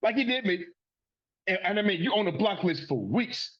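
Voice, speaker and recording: A man's voice: sits high, expressive, normal speed, husky, muffled recording. A man hosting a sports podcast, ranting in a profane, fired-up way. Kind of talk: heated sports rant.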